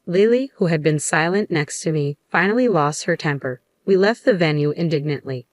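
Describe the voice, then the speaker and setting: A woman narrating a story in an even, unhurried scripted delivery. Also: deep voice, no room sound.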